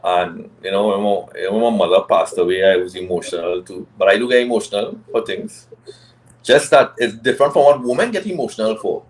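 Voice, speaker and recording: A man talking on a casual men's panel, relaxed and rambling with many restarts. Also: on the low side, brisk, poor audio.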